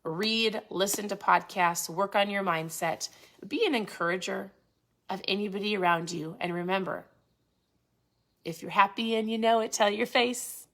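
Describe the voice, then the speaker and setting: A woman's voice: mid-range voice, normal speed, a bit bright. A woman hosting a lifestyle channel, chatting casually and animatedly about a motivational book. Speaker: host of a keto lifestyle channel.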